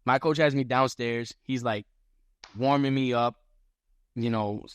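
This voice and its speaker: A man on a podcast as a guest fighter, telling a story in casual chat, animated and profane, acting out what others said. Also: medium pitch, unhurried, clean tone, no echo, muffled recording. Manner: animated, profane, acts out quotes.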